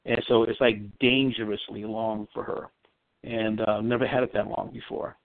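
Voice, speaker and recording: A man's voice: fairly low pitch, little pitch movement, moderate pace, vocal fry, no room sound. A man, a psychic medium, telling a long personal story in a rambling, earnest way during a casual call-in interview. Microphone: phone. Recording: tinny dry phone line.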